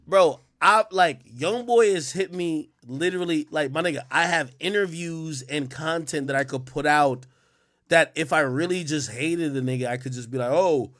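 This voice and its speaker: A man hosting a casual livestream, telling stories in a rambling, animated way with many fillers. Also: fairly high pitch, moderate pace. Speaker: livestream host.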